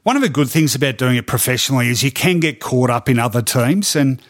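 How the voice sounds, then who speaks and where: A middle-aged sports journalist with an Australian accent, telling lively stories in an interview and laughing between them. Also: male voice, mid-range voice, fast talker. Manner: lively anecdotal, with frequent ums and laughs. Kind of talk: animated storytelling in a podcast interview.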